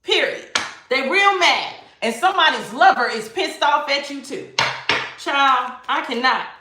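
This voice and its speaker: Emphatic high-voiced woman reading tarot. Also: lively intonation, a little slow, roomy sound, background noise. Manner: emphatic, sassy, repeats phrases for emphasis. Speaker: tarot reader. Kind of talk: live-streamed tarot reading.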